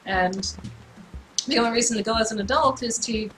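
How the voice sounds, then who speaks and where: A woman's voice: fairly high pitch, fairly quick, noisy background. A young woman from California chatting casually on a gaming livestream, rambling, giggling and swearing freely. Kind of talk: casual gaming stream chat. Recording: game music playing under voice. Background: game music.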